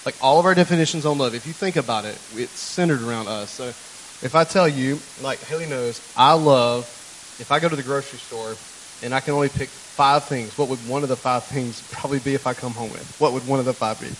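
A male pastor delivers a relaxed sermon in a church, chatting with the congregation as if among friends. He jokes and drifts into family anecdotes. His voice sits at an ordinary middle pitch, with a faint hiss in the background. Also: brisk, low-quality recording. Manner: chatty, joking storyteller who talks to the congregation. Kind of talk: conversational sermon.

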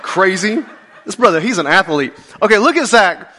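A male pastor preaching a sermon, joking with the congregation and dropping low and slow for key points. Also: very animated, pushed and bright.

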